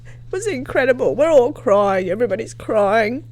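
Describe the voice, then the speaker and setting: Animated woman telling family story. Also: fairly high pitch, moderate pace. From Croatia. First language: Croatian. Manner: emotional, lively storyteller who laughs often. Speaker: guest. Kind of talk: casual storytelling interview.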